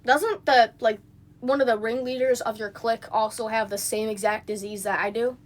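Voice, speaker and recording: A woman's voice: on the high side, steady tone, normal speed. A young woman on a phone livestream, venting in an indignant, rambling rant full of fillers. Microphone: phone mic.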